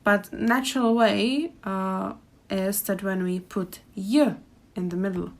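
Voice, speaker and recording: Slow and steady in tone, a young woman's mid-range voice carries a Czech accent as she teaches pronunciation. She's a language teacher, and she repeats each word carefully so learners can follow.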